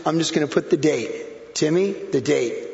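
A pastor in his forties preaching a sermon, animated, acting out quotes with whoops and laughter. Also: a little high, normal speed, vocal fry. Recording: echoey hall, dull lo-fi sound.

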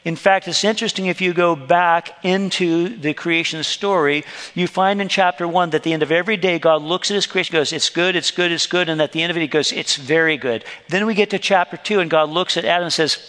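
A fairly high-voiced male pastor preaching a sermon in a conversational style, slipping into short acted-out quotes to make his points. His voice rings with the long reverb of a church sanctuary. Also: a little fast, few pauses, a bit bright.

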